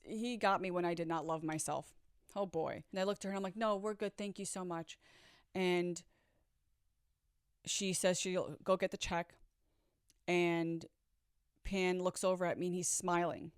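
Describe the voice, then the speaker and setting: A woman with a lowish voice talks straight to the camera in a casual storytime vlog. She is blunt and candid, swears freely and turns to her viewers as she tells her story. The sound is dry and close, with no room echo. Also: fairly even intonation, a little slow, long pauses, clear, resonant tone. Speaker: storyteller recounting a past relationship. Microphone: own microphone.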